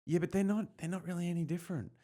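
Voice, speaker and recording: A man's voice: sits high, rapid-fire, dark tone. An Australian man with an Australian accent, hosting a podcast in casual, candid chat and swearing freely. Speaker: podcast host and comedian.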